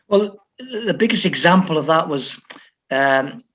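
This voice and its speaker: An older man from Liverpool, a football coach, telling stories in an animated way with frequent restarts. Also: a little high, a little slow. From Liverpool, England. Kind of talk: storytelling interview talk. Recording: dull lo-fi audio.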